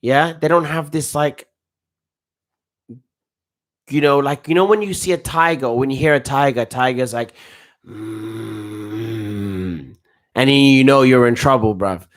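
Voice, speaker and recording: A man's voice: mid-range voice, moderate pace, long pauses. A man giving a casual, rambling live reaction to a football match as a coach, full of restarts and slang. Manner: excitable, rambling, with frequent restarts and slang like "bruv".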